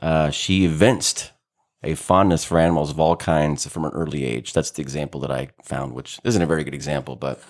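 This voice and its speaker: A man's voice: extremely low pitch, steady tone, fairly quick, darkish tone. A man co-hosting a casual podcast who laughs often and stumbles over his words. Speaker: podcast co-host.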